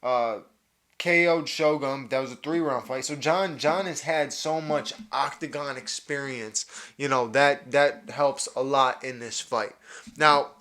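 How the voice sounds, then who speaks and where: Excited man breaking down a fight. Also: a little high. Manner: enthusiastic, repeats words and restarts often. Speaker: podcast host.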